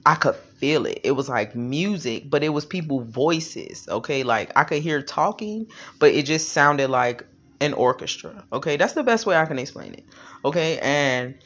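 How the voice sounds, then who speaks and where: A vlogger tells a personal story straight to the audience in loose, casual speech. The talk is blunt and full of swearing, winding through fillers and quick check-ins like "okay?" and "right?". Now and then a laugh breaks through the telling. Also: medium pitch, animated, fairly bright tone. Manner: frank, profane, laughs while telling.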